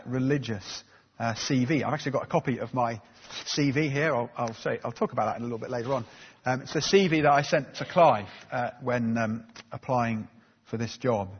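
A man preaching a sermon, earnest and conversational, with plenty of ums and uhs. His voice is very husky and sits at a middle pitch. The recording is dull, with a long hall echo behind him.

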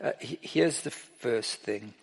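A middle-aged man preaching an informal sermon, breaking off and restarting his sentences and growing animated as he tells stories. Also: medium pitch, slow, vocal fry, husky. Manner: informal, self-interrupting, grows animated while telling stories. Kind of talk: sermon with anecdotes. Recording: long reverb of a large hall.

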